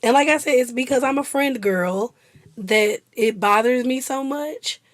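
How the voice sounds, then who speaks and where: A woman's voice: high voice, a little slow, dry recording. A young woman chatting casually and laughing often as a vlogger. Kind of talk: casual chat.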